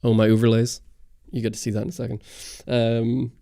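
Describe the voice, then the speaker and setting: Northern Irish man, livestream host, casual rambling chat, very dark voice, dry close mic. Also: mid-range voice, flat delivery, a little fast, creaky, no room sound. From Northern Ireland. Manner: rambling, answers viewer chat. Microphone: close studio mic.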